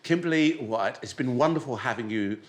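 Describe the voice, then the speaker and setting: A man's voice: medium pitch, animated, brisk. A man in his sixties, hosting a TV cooking show with exuberant, laughing, sing-song chat. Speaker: TV cookery host.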